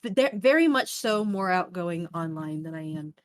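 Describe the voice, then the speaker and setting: A young woman with a fairly low voice speaks as a guest in a relaxed interview. Her delivery is animated, jumping up and down in pitch, and full of "like" and "um". The sound is dry and close, with no room in it. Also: normal speed, no echo. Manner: animated, jumps between high and low, many fillers. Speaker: streamer and voice actor, interview guest. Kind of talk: casual interview chat.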